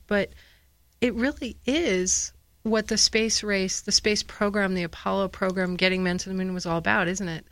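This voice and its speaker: A woman's voice: mid-range voice, steady tone, normal speed, a bit bright, dry recording. A woman from the northern United States hosts an interview show. She talks with open enthusiasm and piles on praise for her guest. The sound is dry and close. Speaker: talk show host.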